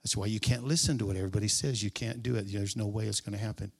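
A male pastor preaching a sermon, repeating key phrases with emphasis, drawing them out and now and then dropping to a hushed aside. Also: lowish voice, steady tone, very fast, creaky, breathy edge.

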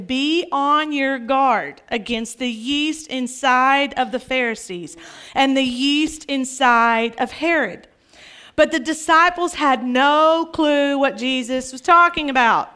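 A woman pastor preaching a sermon, animated and humorous, acting out scripture scenes as she teaches. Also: sits high.

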